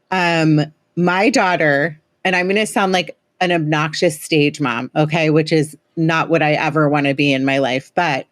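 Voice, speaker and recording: Woman, 30s, podcast host, lowish voice, dry close mic, joking sarcastic chat. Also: no echo.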